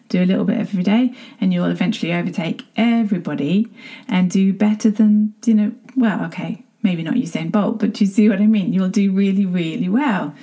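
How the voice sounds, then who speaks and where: A woman's voice: medium pitch, mellow. A middle-aged woman with a British accent, giving a chatty, self-deprecating motivational talk to camera and often checking in with her listeners. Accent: British English.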